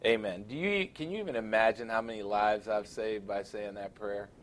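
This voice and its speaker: A man preaching to his class on a body microphone, teaching with joking asides and slowing down for emphasis. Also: on the low side. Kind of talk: sermon. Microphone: wireless body microphone.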